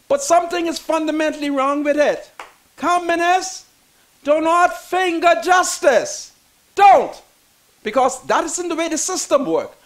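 A man with a Bahamian accent giving impassioned political commentary, preacher-like, repeating lines for emphasis and rising to shouts. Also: very high voice.

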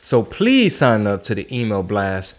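A man hosting a podcast, talking casually in slang and getting animated when he tells stories. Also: lowish voice, unhurried. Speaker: podcast host.

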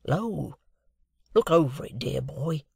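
Old convict, slow and husky, hoarse hush; narrator voices him. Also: male voice, mid-range voice, dry recording, studio quality, exaggerated voice. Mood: hushed, pleading. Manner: coarse dialect, hoarse hushed urgency. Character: rough older male convict, fiercely devoted.

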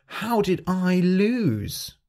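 A man voicing a boastful, fast young male rabbit in a storybook, talking cocky and impatient. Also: medium pitch, very animated, a little mellow, pitched above the performer's own voice, heavily acted. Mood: upset.

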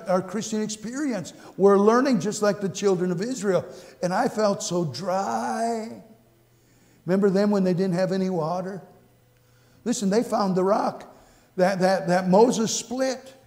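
A man preaching a sermon and telling his own story, earnest and repetitive, going from hushed to exclaiming. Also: sits high. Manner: earnest, repeats phrases, swings between hushed and exclaiming. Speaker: pastor. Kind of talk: sermon with personal testimony. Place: church sanctuary. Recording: long church reverb.

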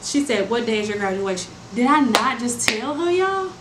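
A young adult woman telling a storytime to viewers, animated and exasperated, talking in slangy, casual speech. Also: on the high side, moderate pace. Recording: roomy with steady background noise.

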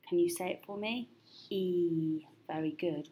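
A woman teaching a recorded phonics lesson to young children, spelling out sounds slowly and patiently encouraging them. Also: fairly low pitch, dark tone, slight background noise.

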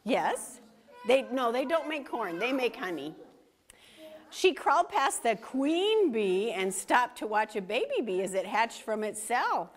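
A woman reads a picture book aloud to young children, stopping often to ask them questions. Her voice sits fairly high and swoops up and down with lively energy. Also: unhurried. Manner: animated, questions for the kids. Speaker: children's storytime reader.

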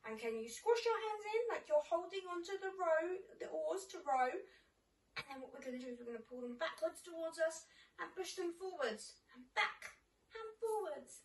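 A woman's voice: high-pitched, echoey room, recorded from a distance, rough recording. A British woman teaching toddlers in a sing-along lesson, with a sing-song, exclamatory, encouraging manner. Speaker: children's teacher.

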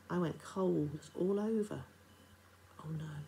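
A woman, a teacher, reading a children's novel aloud to her class in a steady, expressive narration. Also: low-pitched, normal speed, a little hiss or hum, poor audio.

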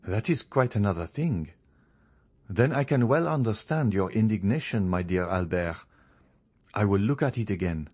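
A man reading a courteous, genial male journalist in a storybook, measured and increasingly firm. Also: on the low side, lively intonation, a little mellow. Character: genial male journalist, friendly yet proud.

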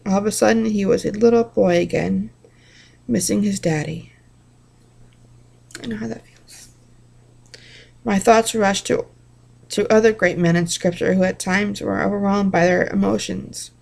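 A woman reading a Bible devotional book aloud at an unhurried pace, breaking off now and then for brief personal asides. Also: medium pitch, fairly even intonation, vocal fry, a little mellow.

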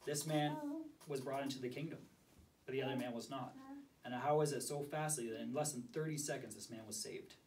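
A man with a hoarse voice giving a sermon to a small group, reading scripture aloud and asking for volunteers. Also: medium pitch, fairly even intonation, brisk, darkish tone. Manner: asks the group questions, reads scripture aloud. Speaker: preacher. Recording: distant mic with faint background noise.

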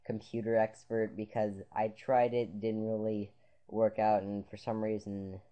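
A man's voice: lowish voice, flat delivery, unhurried. A man talking viewers through a computer tutorial in a loose, rambling way, full of "um"s, "uh"s and restarts. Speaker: tutorial maker. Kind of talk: casual screen-capture tutorial. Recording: dull lo-fi sound.

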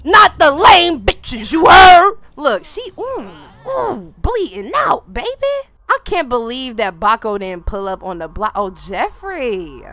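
A young woman hosting a gaming video, giving loud, playful trash-talk commentary full of slang. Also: high voice, very animated, slow, slight background noise. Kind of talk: let's play commentary.

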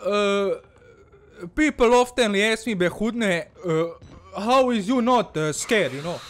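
A man's voice: sits high, slow pace, a little hiss or hum. A man doing comedic let's-play commentary, mixing broken English with his own language, swearing and muttering nervously as he plays. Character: fearless-boasting Balkan village man persona. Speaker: gaming channel host.

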